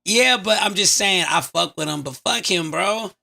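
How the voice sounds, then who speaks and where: A man co-hosting a podcast, joking loudly and casually, swinging between high yells and low mumbles. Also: moderate pace, creaky. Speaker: podcast co-host.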